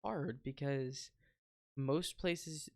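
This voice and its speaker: A man's voice: medium pitch, drawn-out words, darkish tone. A young man co-hosting a casual podcast, sarcastic and swearing often. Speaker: podcast co-host. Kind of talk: casual chat.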